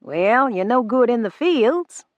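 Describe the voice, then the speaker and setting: A woman's voice: a little high, lively intonation, slow pace, no room sound, lo-fi sound, voice pushed up. A woman voicing a sickly young male slaveholder who issues threats and commands in an audiobook. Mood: mocking.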